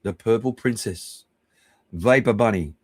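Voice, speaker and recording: An Australian man hosting a live stream, giving rambling, chummy shout-outs to viewers and swearing casually. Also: fairly low pitch, unhurried, slightly rough, dry recording. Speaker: livestream host.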